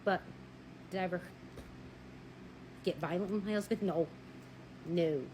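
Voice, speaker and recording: A woman telling a personal story in a blunt, animated way, swearing freely and acting out what people said. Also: lowish voice, unhurried, a little hiss or hum, poor audio. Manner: married. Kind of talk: casual storytelling.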